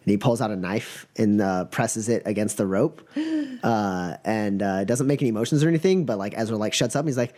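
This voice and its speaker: A man's voice: lowish voice, animated, fairly quick, a little mellow. A man narrating a tabletop game as game master, casual with many fillers.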